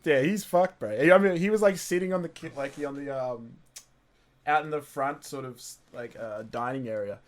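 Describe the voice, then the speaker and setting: A man's voice: mid-range voice, normal speed. A young man co-hosting a podcast, telling rambling stories in casual chat and laughing often. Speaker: podcast co-host.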